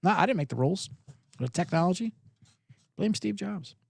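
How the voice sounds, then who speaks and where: A man hosting a sports podcast, telling a comedic rant, profane and animated, acting out both sides of an argument. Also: high-pitched, moderate pace, creaky, husky.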